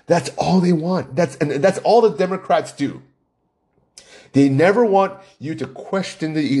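A man's voice: medium pitch, dark tone. A man hosting his own podcast, talking in a rambling, argumentative way full of rhetorical questions. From Hawaii. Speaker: podcast host. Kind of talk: casual solo podcast monologue.

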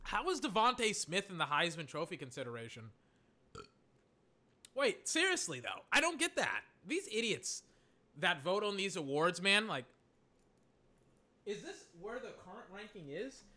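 A young man giving excitable, rambling live reaction commentary on a football game, with exasperated asides. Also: high-pitched, normal speed, pauses often.

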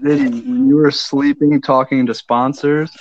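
A man's voice: mid-range voice, fairly even intonation, moderate pace. Dry teasing man on a dull mic. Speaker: podcast co-host. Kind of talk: casual chat.

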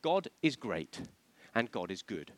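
A man's voice: lowish voice, sing-song, unhurried, no echo. A man preaching a sermon, asking the congregation questions and acting out the voices he quotes.

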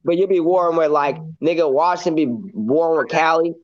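Man, casual podcast chat, animated storytelling, higher pitch, muffled lo-fi recording. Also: fairly quick. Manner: animated storytelling, repeats "listen" and "bro".

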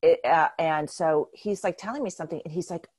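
A woman in casual chat, talking in an animated, self-deprecating way that is full of restarts. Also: sits low, a little fast, slightly rough.

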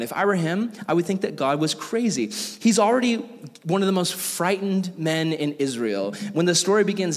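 A young man giving a casual, jokey Bible lesson, acting out characters as he tells the story. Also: on the high side. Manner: animated, jokey, acts out quoted characters. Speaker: youth Bible teacher. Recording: echoey hall.

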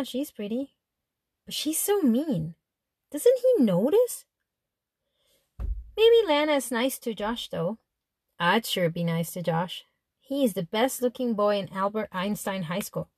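A woman's voice: mid-range voice, dry recording, studio quality. Woman narrating a teen diary. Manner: chatty, exasperated, animated. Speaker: audiobook narrator. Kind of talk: first-person diary narration as a teen girl.

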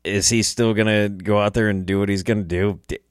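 His voice fairly low and evenly pitched, a young hunting personality talks a little fast while telling an emotional story about a friend. Choked up and close to tears, he swears and laughs through the crying. The audio is clean studio sound with no room sound.

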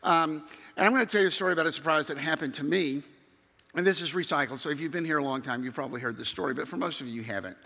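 A middle-aged man preaching with a bright, high, gravelly voice. He tells his story with animation and acts out the other people in it. His voice rings through a church hall with a long echo. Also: rapid-fire. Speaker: youth minister. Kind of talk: sermon storytelling. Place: church sanctuary. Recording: reverberant hall.

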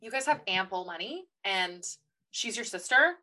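A woman co-hosting a casual book podcast, ranting with animated energy and mimicking characters. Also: medium pitch, normal speed. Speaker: podcast co-host.

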